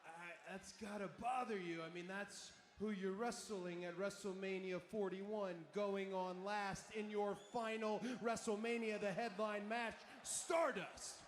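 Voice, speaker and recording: Wrestler at the mic, man with a high voice, emphatic taunting delivery, noisy echoey arena feed. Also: fairly even intonation, a little slow, hardly any pauses. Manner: mocking, emphatic, sometimes shouting. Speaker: pro wrestler cutting a promo. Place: large indoor arena. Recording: echoey arena broadcast audio with noise.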